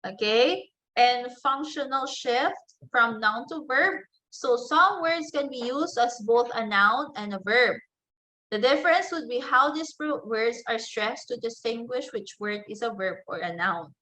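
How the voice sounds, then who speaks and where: A woman's voice: a little high, expressive, bright, forceful tone, rough recording. A woman teacher giving a lesson, carefully saying example words aloud one by one. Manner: careful, deliberate, models each example word aloud. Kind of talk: slow classroom lecture on word stress.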